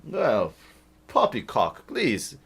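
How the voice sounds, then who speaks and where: A loud, blustering nobleman in a tabletop game, played by a man. He speaks well above the performer's own pitch and brushes off every worry. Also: huge pitch swings, very slow, creaky, breathy edge, heavily acted. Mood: dismissive.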